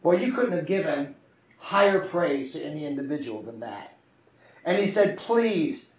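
Impassioned preacher in an echoey church. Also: male voice, fairly high pitch, big pitch swings, measured pace. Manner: impassioned, call-and-response preaching. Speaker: pastor. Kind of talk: sermon. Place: church sanctuary. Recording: echoey room from far off.

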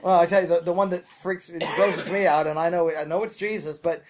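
A man's voice: a little high, fairly even intonation, a little fast, a crowd in the background. A man leading a casual Bible study, reading scripture aloud and breaking off to explain, with many fillers and restarts.

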